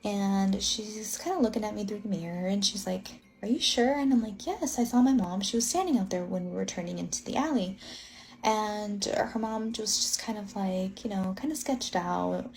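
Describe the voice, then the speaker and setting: A woman's voice: mid-range voice, moderate pace, vocal fry, darkish tone. A young adult woman from Illinois telling a personal ghost story in a casual, rambling way, full of filler words.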